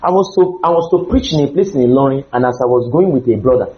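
A man preaching a humorous, animated sermon with sudden loud outbursts. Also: mid-range voice, fast, reverberant, lo-fi sound, a little hiss or hum.

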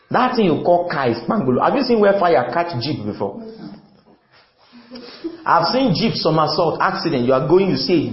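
A Nigerian man preaching a sermon, calling out questions to the congregation and sometimes shouting. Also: fairly high pitch. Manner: animated, call-and-response, sudden shouts. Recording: roomy, dull lo-fi sound.

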